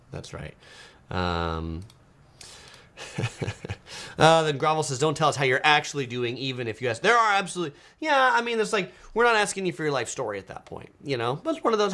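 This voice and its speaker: A man's voice: medium pitch, very animated, brisk, a bit bright. A man hosting a casual live stream, reading viewer comments aloud and chatting, often slipping into playful mock voices. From United States.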